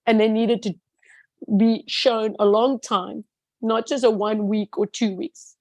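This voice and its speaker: A woman's voice: on the high side, steady tone, unhurried, darkish tone, no echo. Woman guest, earnest and emphatic testimony, leans on repeated words, dry close recording. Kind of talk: heartfelt personal testimony in a conversation.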